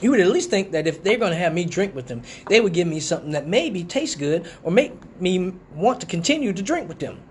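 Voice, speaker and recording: Guy on a live stream, high lively voice, cussing a lot, faint noise behind. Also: brisk, few pauses. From Detroit. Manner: animated, profane, acts out quotes in a higher voice. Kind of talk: casual storytelling.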